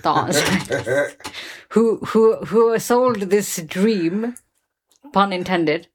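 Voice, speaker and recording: A woman's voice: medium pitch, lively intonation, very slow, slightly rough. A woman co-hosting a casual chat show. She talks bluntly and emphatically, swearing freely and hammering her point home. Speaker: podcast co-host.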